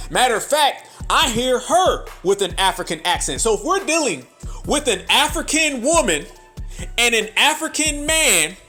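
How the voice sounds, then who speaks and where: A man's voice: very high voice, sharp tone. A man hosting a commentary channel, ranting in an emphatic, sing-song way with repeated mocking phrases.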